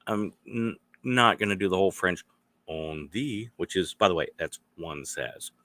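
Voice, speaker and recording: Deep-voiced guy rambling slow on his podcast, dry close sound. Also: sharp tone, no room sound. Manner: meandering, acts out little dialogues. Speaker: podcast host. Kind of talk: rambling solo podcast monologue.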